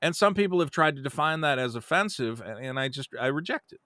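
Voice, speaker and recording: Lively bright-voiced comedian. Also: male voice, fairly high pitch, fast talker, no echo, clean studio sound. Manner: animated, jumps into quoted voices. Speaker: comedian and YouTuber, guest. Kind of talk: casual interview chat.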